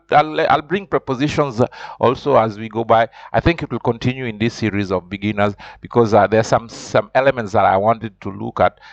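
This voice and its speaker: A man teaching a beginner French lesson informally, hesitant with many fillers and repeated words, slowing down to repeat French words for practice. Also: mid-range voice, gravelly, dry recording. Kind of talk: informal language lesson, explaining and pronouncing. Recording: dull, lo-fi home recording.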